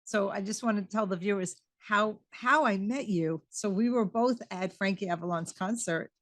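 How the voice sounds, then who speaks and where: A woman's voice: medium pitch, moderate pace, a bit bright, dry recording. A woman hosting an interview, eager and affirming, sharing how she met her guest as an admiring fan. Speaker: host. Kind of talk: casual interview chat.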